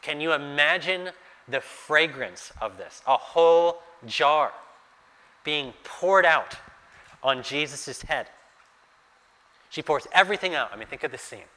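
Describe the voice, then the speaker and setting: A man's voice: a little high, expressive, measured pace, long pauses, bright, forceful tone. A man preaching a sermon through a Bible passage, talking conversationally and asking his listeners rhetorical questions. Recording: echoey hall with long reverb.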